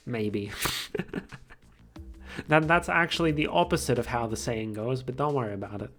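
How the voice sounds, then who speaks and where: A man's voice: mid-range voice, normal speed, long pauses, a bit bright, faint music behind. A man casually streaming a video game, chatty and amused, thinking aloud as he plays. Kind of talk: casual gaming stream commentary.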